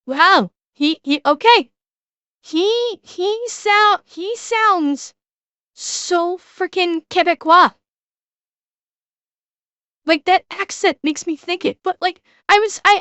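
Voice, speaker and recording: A woman with a high voice talks casually to her stream, excitable and quick to swear. She keeps restarting her sentences as her thoughts race ahead. The sound is dry and close, with no room around it. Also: dry recording. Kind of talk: casual reaction chat.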